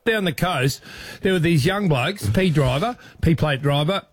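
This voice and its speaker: An Australian man hosting breakfast radio, spinning yarns with animated banter. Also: on the high side, unhurried, slightly rough, soft background music.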